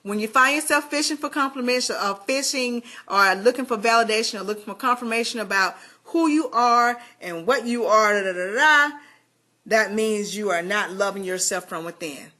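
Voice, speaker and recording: A woman from Georgia with a Southern American accent giving a chatty, animated motivational talk straight to her viewers. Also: medium pitch, moderate pace. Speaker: motivational vlogger.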